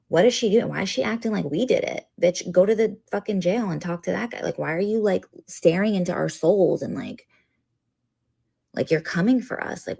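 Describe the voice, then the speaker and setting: A woman's voice: low-pitched, gravelly, a little mellow, slightly rough. A woman reacting in a social media clip, drawling and profane, padding her speech with "like". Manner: drawling, filler-heavy, profane.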